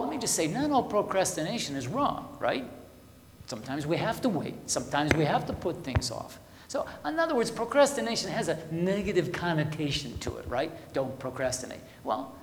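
A man preaching a sermon as a pastor, conversational and questioning his listeners, moving between loud emphasis and quiet asides. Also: fairly high pitch, a little hiss or hum. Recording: echoey hall with long reverb.

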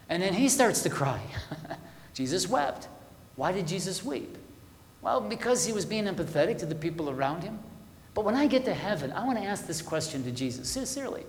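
A man's voice: high voice, slight background noise. Man preaching in an echoey hall. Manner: conversational, asks the listeners questions; swings between loud emphasis and soft asides. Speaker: pastor. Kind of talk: sermon. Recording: echoey hall with long reverb.

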